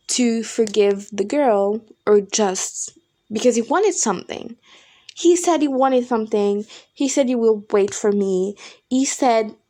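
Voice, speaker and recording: A woman's voice: a little high, darkish tone. A young woman hosting a podcast, telling a personal breakup story in a candid, exasperated way and swearing freely. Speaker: podcast host.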